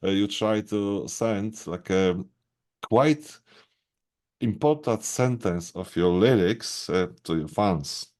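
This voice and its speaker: Halting man interviewing. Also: fairly low pitch, expressive, darkish tone. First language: Polish. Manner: halting, many fillers and restarts, laughs often. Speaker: radio interviewer. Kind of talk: casual interview chat.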